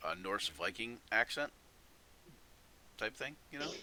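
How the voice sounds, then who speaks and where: A man's voice: lowish voice, lively intonation, measured pace, bright, forceful tone, slight background noise. A middle-aged man running a tabletop game, chatting casually, often laughing and restarting his sentences. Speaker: game master.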